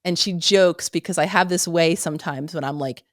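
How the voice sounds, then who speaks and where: A woman with a lowish voice, a psychologist guest on a podcast. She tells stories in an earnest way and laughs easily. Her voice sounds dry and close to the mic. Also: normal speed, no echo. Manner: warm, laughing, earnest storytelling. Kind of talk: casual interview chat.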